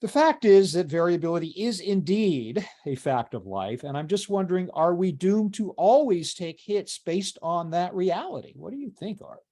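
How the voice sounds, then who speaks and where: Male moderator, slightly high voice, light touch, steers the panel. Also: sing-song, moderate pace, hardly any pauses, warm tone.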